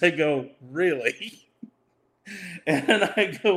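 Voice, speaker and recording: A man's voice: fairly high pitch, lively intonation, measured pace, a bit bright. An older man telling a rambling story in casual conversation, laughing often and acting out what other people said. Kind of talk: casual anecdote.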